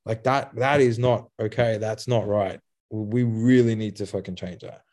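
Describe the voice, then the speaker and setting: A man in a casual interview, telling stories in an animated way, swearing, laughing often and acting out the voices of people he quotes. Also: lowish voice, moderate pace. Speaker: guest, youth program founder.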